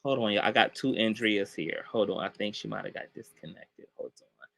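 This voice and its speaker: A man's voice: fairly low pitch, lively intonation, fairly quick, vocal fry, fairly bright tone. A man commentator casually recounting a story on a livestream call, talking loosely with lots of "like" and "y'all". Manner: loose, chatty, heavy on "like" and "y'all". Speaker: online commentator.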